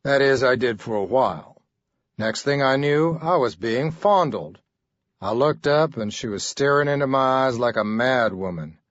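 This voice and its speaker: A man's voice: medium pitch, animated, normal speed, dry recording, lo-fi sound. A man reading an audiobook as its narrator, in a laconic, dry delivery. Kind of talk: scripted narration.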